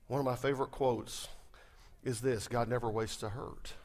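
A man preaching a conversational sermon, with sarcastic asides and swings between loud and soft passages. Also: medium pitch, lively intonation, a little fast. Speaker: pastor.

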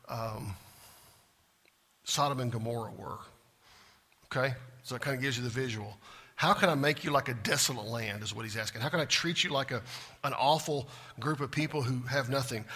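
A man's voice: mid-range voice, brisk, bright, forceful tone, husky. A man preaching a sermon as a pastor, talking to the congregation in a conversational way full of questions. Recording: long reverb in a large hall.

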